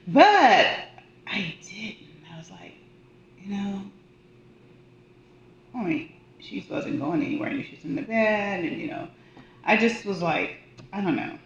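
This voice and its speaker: A woman who works as a hospice volunteer and death doula, telling a personal story in a casual, animated way. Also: mid-range voice, takes it slowly, pauses often. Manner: animated, acts out quoted voices. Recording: roomy, dull audio with faint noise.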